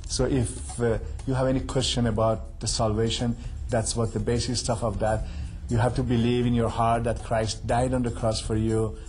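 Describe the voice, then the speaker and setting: A man's voice: mid-range voice, level tone, moderate pace, a little mellow, slight background noise. Earnest accented man sharing his testimony. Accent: Middle Eastern. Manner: earnest, non-native phrasing, retells dialogue. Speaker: guest giving a testimony. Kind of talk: personal testimony.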